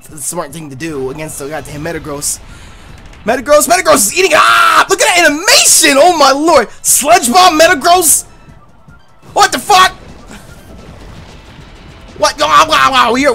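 A young adult host narrating a let's play, loud and hyped, swearing often over the game. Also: mid-range voice. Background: faint game music.

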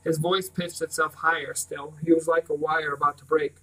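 Guy reading a book out loud, higher voice, kinda far from the mic. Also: flat delivery, moderate pace, hardly any pauses. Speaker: reader. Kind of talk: audiobook reading.

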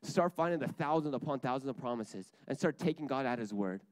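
A man's voice: mid-range voice, expressive, brisk, dry recording. A young man giving an earnest sermon to a church group, repeating his key lines for emphasis.

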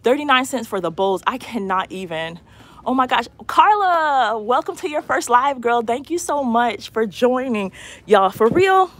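A woman's voice: on the high side, measured pace. Chatty woman shopping live. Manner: chatty, excitable, talks to viewers. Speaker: shopping vlogger. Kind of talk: live-stream store walkthrough. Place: large retail store indoors.

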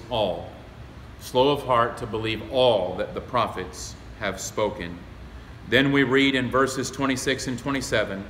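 A man preaching a sermon as pastor, folksy and emphatic, rising to loud exclamations. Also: medium pitch, a little hiss or hum. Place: church sanctuary. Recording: echoey, reverberant hall.

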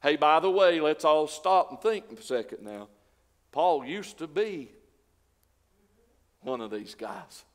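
Pastor preaching in a big hall. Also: male voice, on the high side, expressive, slow, long pauses. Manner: preaching with rhetorical questions, swelling and dropping in volume. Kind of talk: sermon. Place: church sanctuary.

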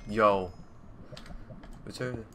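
A young man giving casual, excitable gameplay commentary at home, full of slang, talking to himself and his viewers. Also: on the low side, very slow. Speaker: gaming YouTuber. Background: computer fan noise and keyboard clicks.

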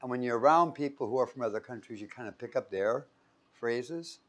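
A man's voice: medium pitch, fairly quick, a bit bright. Joking, chatty preacher man. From Los Angeles. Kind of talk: sermon.

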